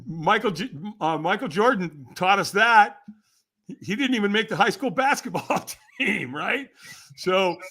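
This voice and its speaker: An older man, a podcast guest, telling stories in a casual interview, animated and often laughing as he talks. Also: high voice, a little slow.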